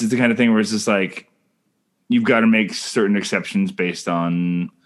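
Brief: low-pitched man, rambling podcast co-host, casual. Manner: rambling, thinking aloud with many restarts. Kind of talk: casual chat.

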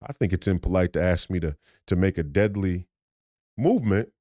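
Podcast host, male, low voice, confrontational and profane, repeats lines for emphasis, dry sound. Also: animated, normal speed, dark tone, dry recording. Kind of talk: profane monologue.

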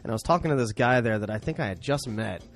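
A man's voice: mid-range voice, expressive, quick pace. A man hosting a casual conversation, chatty and full of stories. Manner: chatty, tells stories with laughs. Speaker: host.

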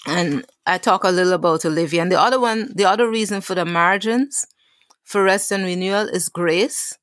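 A woman author and coach speaks earnestly as a podcast guest, weaving faith into her advice and sometimes correcting herself mid-sentence. Her voice is somewhat low. The recording is dry and close. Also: moderate pace, dry recording. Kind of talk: podcast interview, reading from her book.

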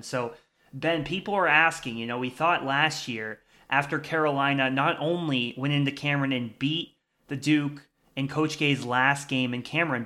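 A man's voice: mid-range voice, pushed and bright. A man co-hosting a casual sports talk show, chatty with frequent restarts. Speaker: sports podcast co-host.

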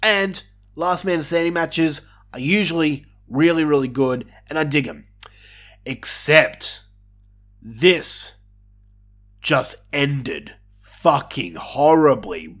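A man talks through a wrestling event in a loose, unscripted review. His voice sits a little high for a man, and his delivery is sarcastic and full of casual swearing. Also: expressive, slow pace, a bit bright.

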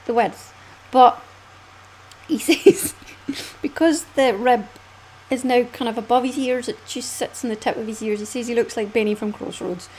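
A Scottish woman hosting a casual knitting podcast, chatty and quick to laugh, often swooping up in pitch. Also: poor audio. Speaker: podcast host.

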